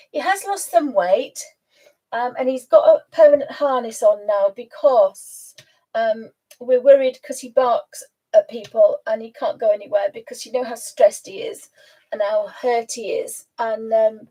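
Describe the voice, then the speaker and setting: A woman's voice: fairly high pitch, unhurried, mellow, poor audio. A woman hosting a casual live stream, chatting and cooing at her pet and laughing often. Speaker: host.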